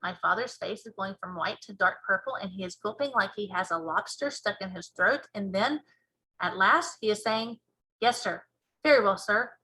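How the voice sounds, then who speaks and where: A woman teacher reading a children's book aloud with lively, expressive storytelling. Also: medium pitch, normal speed, breathy edge, rough recording.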